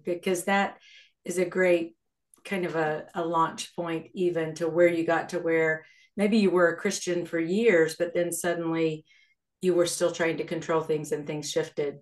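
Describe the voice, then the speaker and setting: A woman's voice: fairly low pitch, steady tone, normal speed. A woman hosting an interview podcast, asking long, rambling questions and affirming her guest encouragingly. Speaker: podcast host.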